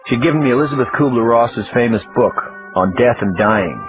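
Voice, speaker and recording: A man narrating an audiobook in the first person, plain and steady. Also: mid-range voice, a little fast. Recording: tinny phone-like audio, faint music.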